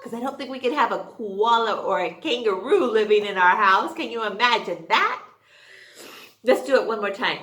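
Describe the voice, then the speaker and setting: Teacher, woman, slightly high voice, slow and exaggerated, echoey classroom sound. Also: big pitch swings, fairly bright tone. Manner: sing-song, exaggerated, drawn-out sounds. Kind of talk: phonics lesson for young children. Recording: echoey room.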